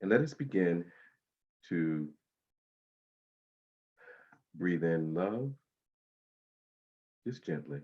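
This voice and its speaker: A man leading a guided breathing meditation, speaking slowly and soothingly with long pauses. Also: deep voice, lively intonation, darkish tone, breathy edge, muffled recording.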